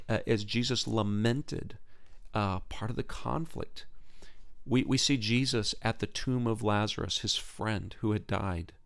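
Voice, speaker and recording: A creaky-voiced man hosts a Christian podcast in an earnest, relaxed style. He keeps repeating words and starting over, with his pitch jumping sharply whenever excitement takes hold.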